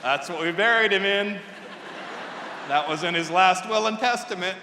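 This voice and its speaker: A man's voice: sits high, moderate pace, background noise. A man in his fifties giving a humorous commencement speech as a wry comic storyteller at a podium microphone. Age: 50s. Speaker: commencement speaker. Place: large ceremony hall. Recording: echoey hall with long reverb.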